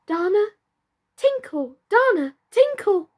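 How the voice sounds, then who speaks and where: Woman doing Birdie, a high fluttery doll. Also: sing-song, slow pace, exaggerated voice. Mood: flustered. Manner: high, breathless and anxious. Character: flustered, fluttery celluloid girl doll.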